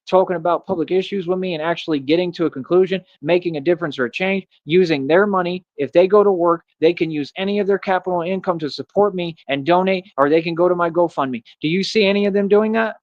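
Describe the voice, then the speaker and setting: A man's voice: sits high, fast talker, few pauses, no echo. Man ranting on a lo-fi stream. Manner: rambling, repetitive, full of "bro" and "man". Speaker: livestreamer. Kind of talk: casual monologue rant. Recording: dull lo-fi stream audio.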